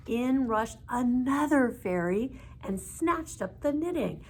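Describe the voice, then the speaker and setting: A librarian reads a children's story aloud, her fairly high voice rising and falling with great animation. She plays up the rhythmic sound words, with a faint hum of background noise. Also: slow, few pauses. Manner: expressive, playful sound words.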